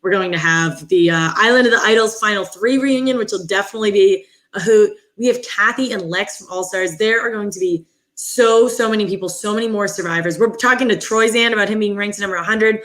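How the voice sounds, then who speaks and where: A woman co-hosting a podcast, chatting casually with jokey, quick asides. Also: medium pitch, fairly bright tone. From Boston area. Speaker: podcast co-host.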